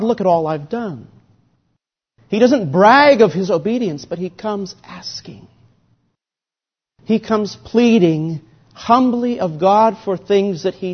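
A man preaching a sermon in a deliberate, emphatic way, his volume swelling and dropping. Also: fairly high pitch, muffled recording.

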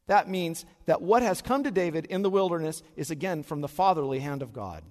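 A man's voice: lively intonation, fairly quick. Man preaching in a reverberant hall. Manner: preaching, swelling to loud emphatic peaks then dropping low and quiet. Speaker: pastor. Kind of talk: sermon. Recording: long reverb of a large hall.

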